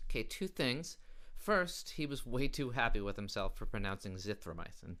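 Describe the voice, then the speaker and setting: A man's voice: medium pitch, sing-song, moderate pace, sharp tone. A man hosting a late-night comedy show, delivering a sarcastic, mocking monologue.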